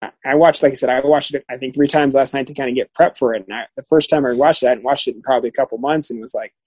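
A man co-hosting a casual chat, agreeable and quick with many fillers. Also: mid-range voice, steady tone, a little mellow, husky, dry recording, rough recording. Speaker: podcast co-host.

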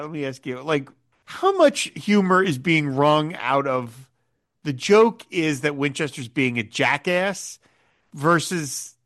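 A man hosting a podcast discussion, animated, laughing often and acting out quoted lines. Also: sits high. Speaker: podcast host.

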